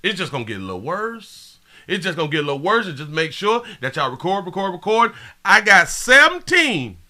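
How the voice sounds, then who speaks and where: A male live-stream host with a high, ringing voice and a piercing brightness. He talks in an excitable, slangy way, reading out viewers' greetings and repeating his catchphrases over and over. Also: a little fast. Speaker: livestream show host. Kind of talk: live stream commentary and chat shout-outs.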